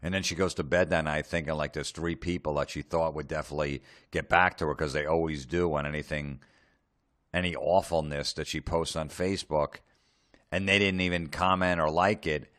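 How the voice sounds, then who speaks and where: A man's voice: extremely low pitch, fairly even intonation, normal speed, a bit bright. A man delivering a profane, sarcastic comedic rant, mocking people in put-on voices. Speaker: comedian ranting.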